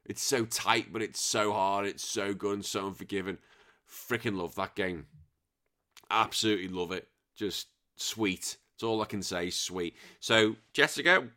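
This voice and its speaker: A middle-aged English man hosting a podcast, reading out listener messages in casual chat and bursting into loud sworn exclamations. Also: fairly low pitch, unhurried. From England. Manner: animated, swears freely, bursts into loud exclamations. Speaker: podcast host.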